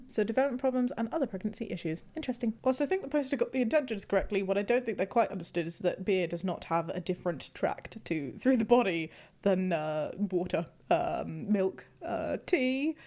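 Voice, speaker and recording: A woman's voice: mid-range voice, warm tone. A woman hosting a casual reaction vlog, reading posts aloud and laughing often between remarks. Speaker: YouTuber host.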